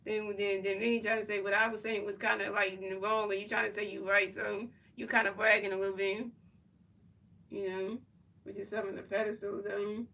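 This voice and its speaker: Rambling streamer woman, flat bright voice. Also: mid-range voice, normal speed, creaky, distant mic, poor audio. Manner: rambling, repeats herself, talks back to chat. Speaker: livestreamer. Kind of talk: casual chat to stream chat.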